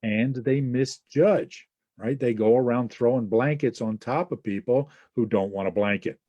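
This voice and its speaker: A man's voice: mid-range voice, a little slow, mellow, no echo, highs cut off. A man hosting a webinar, teaching casually and acting out small example scenes with lots of fillers. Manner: acts out little scenes with quoted voices, many fillers and asides. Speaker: webinar host and Enneagram teacher.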